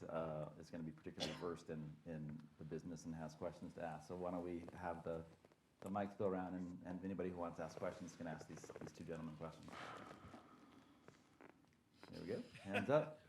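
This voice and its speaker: Male moderator, quick, very deep voice, echoey hall, faint noise. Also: steady tone, a little mellow. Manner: brisk, directing the room. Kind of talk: moderating audience questions.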